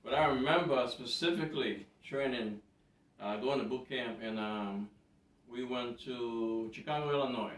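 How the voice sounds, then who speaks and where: A man telling a story in a casual, animated way to a camera, repeating words for emphasis. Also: medium pitch, a little slow. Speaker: vlogger. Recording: roomy, distant from mic.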